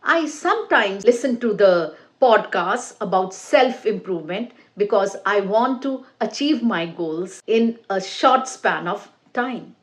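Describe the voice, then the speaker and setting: A woman teaching an online English speaking-test lesson, stressing key words with a deliberate, sing-song delivery and direct appeals to viewers. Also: medium pitch, lively intonation. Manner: slow, repetitive phrasing with direct appeals to viewers.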